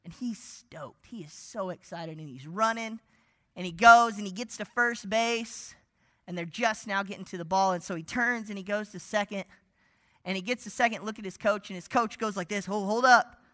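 A man's voice: sits high, moderate pace. A man preaching an evening sermon, telling stories with animation and sometimes dropping almost to a whisper for asides. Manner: animated storytelling, drops to near-whisper for asides. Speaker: pastor.

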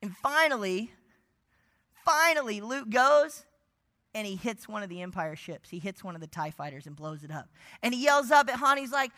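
Bright-voiced man preaching with lively storytelling. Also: high voice, normal speed. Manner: animated storytelling, drops to near-whisper for asides. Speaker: pastor. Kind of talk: evening sermon.

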